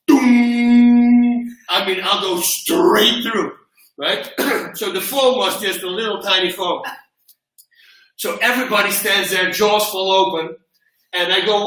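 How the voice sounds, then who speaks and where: A middle-aged man hosting a livestream, telling stories casually and loudly acting out what people said, from a mic across a large gym. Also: high-pitched. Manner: animated storyteller who acts out quotes loudly. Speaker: host and martial arts coach. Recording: echoey gym, far from mic.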